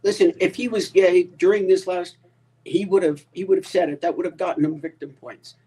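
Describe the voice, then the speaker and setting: A man co-hosting a casual talk stream, calm and keen to steer the talk away from some topics. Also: sits high, fairly quick, breathy edge, rough recording.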